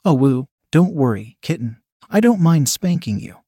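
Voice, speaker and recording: A man voicing a dominant, teasing man who speaks low, soft and commanding. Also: big pitch swings, moderate pace, husky, no echo, studio quality.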